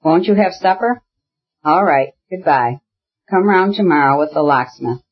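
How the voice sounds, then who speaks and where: A husky-voiced reader voicing a bitter, ailing radical brother who argues heatedly, in an audiobook. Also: medium pitch, expressive, normal speed, highs cut off. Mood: agitated. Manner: heated, argumentative, bursts into shouting.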